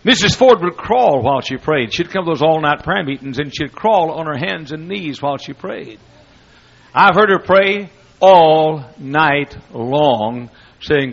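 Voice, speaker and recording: A man preaching a sermon, telling a folksy, humorous story with loud bursts. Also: on the high side, unhurried, creaky. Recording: dull lo-fi recording.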